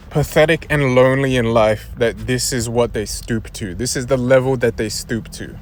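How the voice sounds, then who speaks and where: A man's voice: medium pitch, normal speed, hardly any pauses, slight background noise. A young man ranting casually to his viewers, exasperated and rambling, repeating himself and swearing. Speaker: YouTuber. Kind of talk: casual rant to camera.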